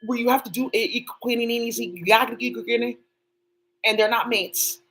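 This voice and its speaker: A woman's voice: on the high side, takes it slowly, fairly bright tone, low-quality recording. A woman talking alone on a livestream, rambling and swearing as she jumps from one topic to the next. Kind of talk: rambling solo livestream talk.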